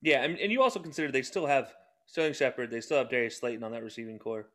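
A man talking football on a casual podcast, lively and sarcastic, often laughing as he goes. His voice sits in an ordinary middle pitch. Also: fast talker. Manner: animated, laughing, sarcastic asides. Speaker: podcast co-host. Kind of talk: casual sports chat.

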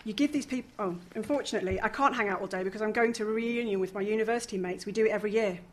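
A woman's voice: medium pitch, very fast, slight background noise, close to an everyday voice. A woman voicing a nervous, hungover young man who stumbles over his words. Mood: flustered. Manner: awkward, flustered.

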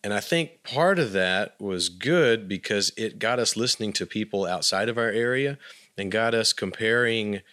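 A man's voice: lowish voice, normal speed, sharp tone, no room sound, clean studio sound. A man from West Texas, a musician guest, telling stories from his past in a meandering, reflective way during a casual interview.

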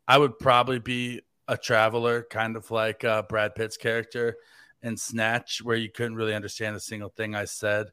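A man's voice: fairly low pitch, flat delivery, normal speed, pushed and bright, smooth, dry recording, clean studio sound. An American man hosting a casual sports podcast, rambling and joking, with lots of "like". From United States. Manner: rambling and jokey, heavy use of "like". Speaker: fill-in podcast host.

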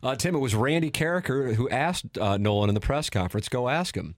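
A man with a St. Louis accent hosting a sports radio show, reading listener texts in a casual, teasing, animated way. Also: medium pitch, fairly quick, dry recording, studio quality. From St. Louis area. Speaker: radio host.

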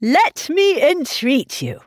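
A woman voicing a gallant, fawning young gentleman, effusive and flattering in a slow, eager manner. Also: high voice, no room sound, clean studio sound, voice pushed up, heavily acted. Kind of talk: audiobook character reading.

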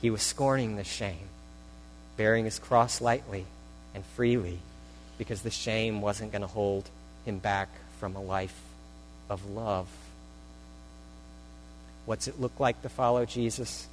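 A man's voice: fairly low pitch, steady tone, measured pace, long pauses, rough recording. A man preaching a conversational sermon as a pastor, with dry self-deprecating humor. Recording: faint mains hum.

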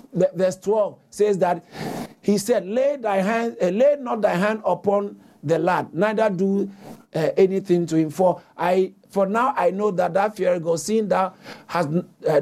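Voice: mid-range voice, a little mellow. A preacher delivering a sermon, reading scripture aloud, repeating key phrases for emphasis and calling on the congregation to answer. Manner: reads scripture aloud with frequent self-corrections.

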